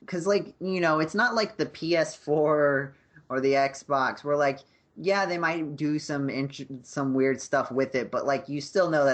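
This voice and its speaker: A man in an easygoing podcast chat, talking over a video call. He circles his points, piling on fillers and starting sentences over. His voice sits at a plain middle pitch. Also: a bit bright. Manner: rambling, many fillers and restarts. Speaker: podcast host. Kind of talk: casual chat.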